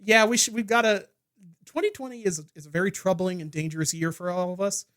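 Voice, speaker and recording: High-voiced man in rambling podcast banter. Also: a little fast, fairly bright tone. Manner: rambling, trailing off with fillers and stammers. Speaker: podcast co-host. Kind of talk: casual comedic chat.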